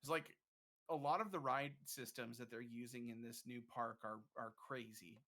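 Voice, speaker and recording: A man's voice: mid-range voice, steady tone, normal speed, sharp tone. A man in a casual stream chat, eagerly explaining theme park ride effects in detail. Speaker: streamer guest.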